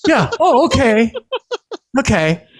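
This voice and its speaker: A podcast host tells rambling family stories in a casual way, laughing often and acting out what people said. His voice is very high-pitched and sing-song, and he talks slowly.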